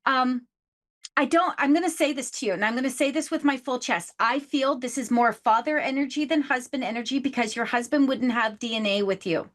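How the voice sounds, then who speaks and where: High-voiced woman giving a psychic reading. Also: a little fast. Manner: warm, affectionate, says please and love often. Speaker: psychic medium host. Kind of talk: live psychic reading with a caller.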